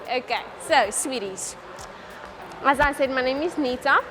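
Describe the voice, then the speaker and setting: A woman giving a motivational talk to schoolgirls at a car dealership, lively and coaxing, often asking her audience questions. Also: high-pitched, unhurried, noisy background. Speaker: motivational speaker at a workshop.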